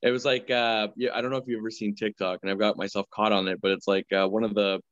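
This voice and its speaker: A man's voice: on the low side, flat delivery, fast, no echo, dull audio. A man as a guest on a podcast, chatting casually and rambling with many fillers. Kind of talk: casual chat.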